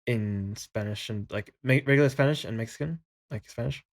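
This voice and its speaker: A man's voice: mid-range voice, fairly quick, creaky. A young man in casual chat, hesitant and full of fillers, laughing often.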